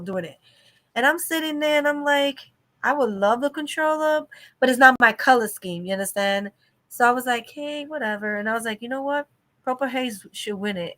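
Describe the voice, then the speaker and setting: A woman hosting a casual livestream chat from home, telling a story in an animated way, exclaiming and laughing as she goes. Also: high-pitched. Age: adult mother of a young child. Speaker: livestream host.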